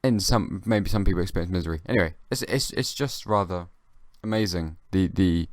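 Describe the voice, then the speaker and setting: A young man hosting his own comedy podcast, rambling in a halting, dry way with many restarts. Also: low voice, no echo. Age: young adult. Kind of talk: rambling comic monologue.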